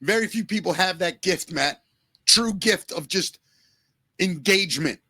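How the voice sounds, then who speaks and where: Podcast co-host, man, earnest and shaken, tearful, bright tense tone. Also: high-pitched, lively intonation, no room sound. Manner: earnest, emotional, swearing, halting restarts. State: close to tears. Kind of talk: emotional podcast talk.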